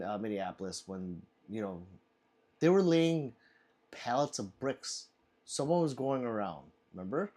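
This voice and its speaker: A man's voice: mid-range voice, darkish tone. A man hosting a casual livestream, reading chat aloud, laughing often and swearing freely.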